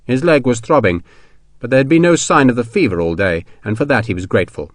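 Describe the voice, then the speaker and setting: A man giving measured, expressive narration of an audiobook. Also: medium pitch, no echo. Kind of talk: scripted narration. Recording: dry studio recording.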